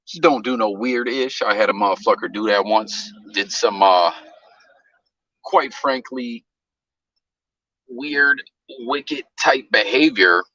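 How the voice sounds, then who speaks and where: Casual male streamer, slangy and profane, bright edge, dry lo-fi sound. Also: mid-range voice, slow, pauses often, dry recording. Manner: loose, profane storytelling with slang. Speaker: live-stream host. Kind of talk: casual live-stream chat.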